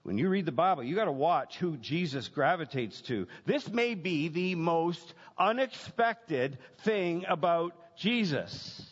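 Slow, emphatic preacher man in a reverberant hall. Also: fairly high pitch, big pitch swings, husky. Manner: emphatic, building with repetition and dramatic pauses. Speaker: pastor. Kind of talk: sermon. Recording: dull lo-fi sound with long hall reverb.

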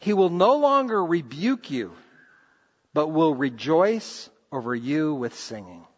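Middle-aged male pastor, bright high delivery, animated and earnest, dull recording in a reverberant hall. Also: slow pace, breathy edge. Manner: earnest, animated preaching with repeated restarts. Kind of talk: sermon. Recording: reverberant hall, muffled lo-fi sound.

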